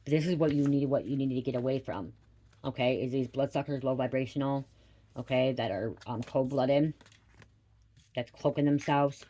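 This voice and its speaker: A woman's voice: extremely low pitch, normal speed, warm tone. Woman doing a spiritual reading, rambly, drops f-words, says okay a lot. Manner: rambling, repeats "okay?" constantly, swears casually. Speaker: tarot reader.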